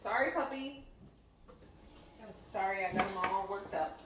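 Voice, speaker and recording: A mid-range, monotone woman's voice moves fairly quickly as she co-hosts a casual cooking demo, chatting her way through explanations with many fillers. Sound comes from a home kitchen that's echoey and noisy in the background.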